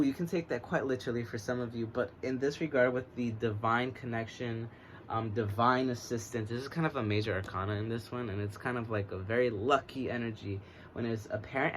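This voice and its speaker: An American man reading oracle cards in a relaxed, rambling way, speaking in a put-on English accent that he uses to get through a stutter. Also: medium pitch, slight background noise. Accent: American trying an English accent. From United States. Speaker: oracle card reader. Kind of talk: casual divination reading.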